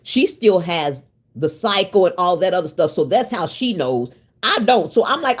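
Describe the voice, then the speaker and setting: Woman, fifties, low-pitched, husky voice, casual chat to viewers, laughs a lot. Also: animated, normal speed. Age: 50s. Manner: chatty, laughs often, talks straight to viewers. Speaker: channel host.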